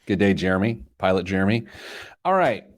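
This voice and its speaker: A man's voice: deep voice, big pitch swings, a little fast. A middle-aged man hosting a money radio show, joking loosely with his co-host. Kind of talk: casual banter, then show intro.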